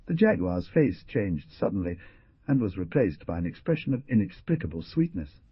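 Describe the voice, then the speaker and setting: A man narrating an audiobook in a dramatic, animated reading. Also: low voice, moderate pace, slightly rough, no echo. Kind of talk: scripted narration. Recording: dull dry lo-fi recording.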